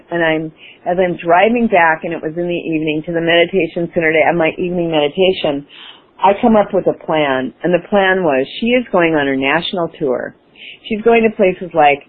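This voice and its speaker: A woman author, a guest in an interview, telling a personal story with lively enthusiasm and acting out her past self. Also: low-pitched. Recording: phone-line sound.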